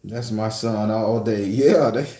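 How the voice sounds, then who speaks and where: A man's voice: on the low side, takes it slowly, mellow, echoey room. A man hosting a casual livestream from home, reading viewer comments and telling stories in a loose, profane, joking way. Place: room at home.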